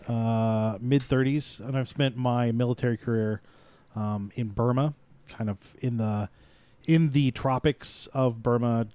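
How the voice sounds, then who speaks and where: Man, tabletop player, relaxed, dry close-miked sound. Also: mid-range voice, smooth, no echo. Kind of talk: casual character introduction.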